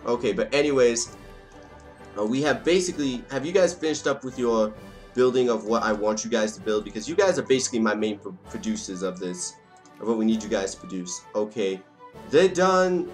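A man's voice: mid-range voice, expressive, a little fast. A young man casually commenting on his strategy game as he plays, joking and talking to the nations on screen. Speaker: let's play gamer. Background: faint game music.

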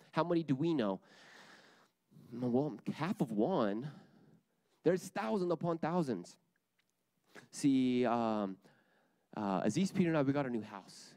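A man's voice: on the high side, darkish tone, no room sound. A young man giving an earnest sermon to a church group, repeating his key lines for emphasis.

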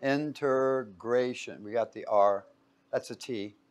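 A man's voice: mid-range voice, animated, moderate pace. A man giving an informal Bible teaching in a room with a whiteboard, casual and joking, often putting questions to his listeners.

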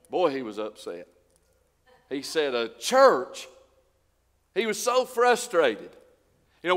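Preacher guy in a church, kinda high voice, lots of echo, asks the crowd question after question. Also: fairly bright tone. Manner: preaching with rhetorical questions, swelling and dropping in volume. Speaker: pastor. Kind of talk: sermon. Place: church sanctuary.

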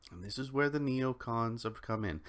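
A man's voice: mid-range voice, animated, normal speed. An American man hosting a solo political commentary podcast, talking in a rambling way with frequent restarts and ums. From United States. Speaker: podcast host.

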